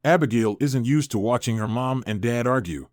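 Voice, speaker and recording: A man reading a first-person family story aloud as a scripted narration, in a steady, even manner. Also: mid-range voice, moderate pace, no room sound, studio quality.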